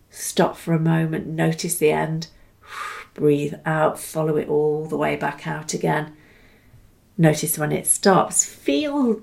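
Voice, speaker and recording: A woman leads a calm breathing meditation with a gentle, unhurried delivery. Her voice sits a little low and carries a gravelly edge. She sighs now and then as she breathes along with the listener. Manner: gentle, slow and soothing with sighs. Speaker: mindfulness teacher.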